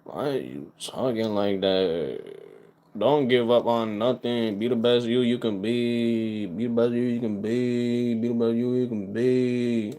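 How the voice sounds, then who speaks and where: A male streamer talking to his chat in an unhurried drawl. He hypes himself up and repeats lines for effect. His volume jumps from loud bursts down to low mutters. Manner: boastful, self-hyping. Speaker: live streamer. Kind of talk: casual livestream chat with viewers.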